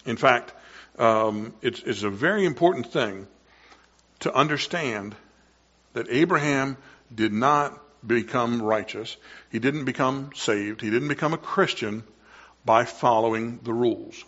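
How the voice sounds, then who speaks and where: A man preaching a sermon as pastor, earnest and emphatic, slowing down to stress key words. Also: mid-range voice, fairly bright tone, highs cut off.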